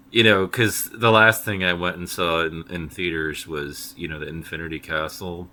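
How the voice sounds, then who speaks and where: Very deep-voiced man reacting casually. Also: fairly even intonation, measured pace, sharp tone. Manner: casual, wry asides. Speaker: reaction video host.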